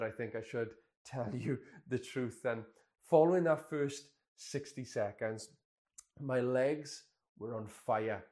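A man's voice: medium pitch, a little mellow. A man in his twenties, a pastor telling a candid, self-deprecating personal story in a sermon. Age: 20s.

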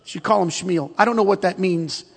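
Middle-aged male preacher, high-pitched, folksy and joking, reverberant sanctuary sound. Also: normal speed, vocal fry, slightly rough. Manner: storytelling, joking, calls out to the congregation. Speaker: pastor. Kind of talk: sermon. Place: church sanctuary.

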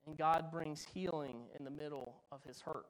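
Pastor, male, sermon delivery: slightly high voice, drops to near-whispers for effect. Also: fairly even intonation, moderate pace, poor audio. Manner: dramatic swings from loud to hushed.

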